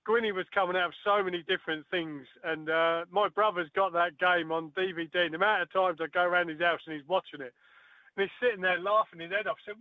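A man's voice: high voice, steady tone, fairly quick, dry recording. A man, a former darts player, telling stories in a chatty way with many fillers during an interview. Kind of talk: casual phone interview. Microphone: phone. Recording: tinny phone line, dry.

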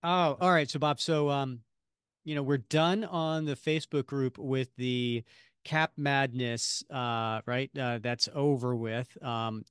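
Smooth-voiced man rambling on a podcast. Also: mid-range voice, fairly even intonation, takes it slowly, fairly bright tone, no room sound, studio quality. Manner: rambling, many fillers and restarts. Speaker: podcast co-host. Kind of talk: casual chat.

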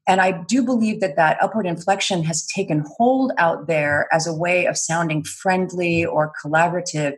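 A woman with a fairly low-pitched voice speaks as a guest in an interview. She explains points in an articulate, measured way and laughs easily between them. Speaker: guest, speech and credibility trainer. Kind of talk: interview answers.

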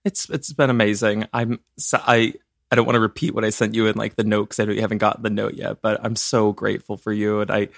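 A man co-hosting a casual podcast chat, joking, telling stories with animated swings and laughing often. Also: fairly low pitch, fast talker, vocal fry, dry recording, studio quality. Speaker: podcast co-host.

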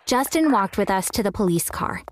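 A woman's voice: medium pitch, expressive, moderate pace, a little hiss or hum. A young woman reading a scripted first-person story in an earnest way, now and then acting out the quoted lines.

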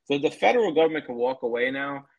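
A man's voice: medium pitch, expressive, fast talker, lo-fi sound. A man co-hosting a casual podcast, talking bluntly and mockingly and swearing freely. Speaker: podcast co-host. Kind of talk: casual profane chat.

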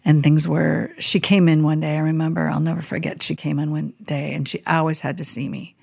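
A woman chaplain telling stories in a casual podcast interview, animated and acting out the people she quotes. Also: low-pitched, brisk, gravelly, husky, no room sound, clean studio sound. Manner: animated storyteller who acts out quoted people.

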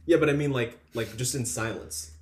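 A man's voice: mid-range voice, normal speed, echoey room. A young man co-hosting a casual podcast, gossiping animatedly and acting out what others said. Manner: animated gossiping, acts out quotes. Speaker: podcast co-host. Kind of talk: casual chat.

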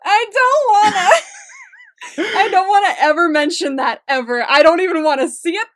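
Young woman, high voice, loud, laughs a lot, animated outrage, casual podcast chat. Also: fairly quick. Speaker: podcast co-host.

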